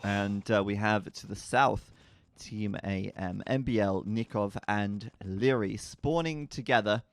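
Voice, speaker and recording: Chatty low-voiced male game caster. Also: measured pace. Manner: chatty, jokey, stumbles over names. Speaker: esports commentator. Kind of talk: casual game commentary.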